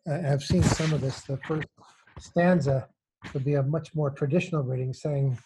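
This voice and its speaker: A man who edits poetry, reading lines aloud and unpacking them in an engaged, animated way with frequent restarts. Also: on the high side, moderate pace, slight background noise, poor audio. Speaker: poetry editor. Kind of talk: conversational discussion of poetry.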